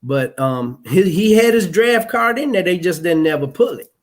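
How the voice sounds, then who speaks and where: A man talking as a guest in a casual chat, telling a story slowly with many ums and restarts. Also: sits high, lively intonation. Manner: slow, halting, clears throat, many fillers.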